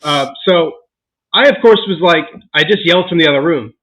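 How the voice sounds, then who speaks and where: A father on a casual podcast vents with animated frustration and swears as he tells his story. His voice is high and bright. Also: a little fast, low-quality recording. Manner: animated venting, swears, laughs. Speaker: podcast co-host. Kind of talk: casual chat.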